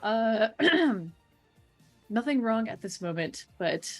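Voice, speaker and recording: A woman's voice: fairly low pitch, normal speed, no room sound, soft background music. A woman playing a character in a tabletop game, talking hesitantly with many fillers. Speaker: player. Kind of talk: tabletop role-play.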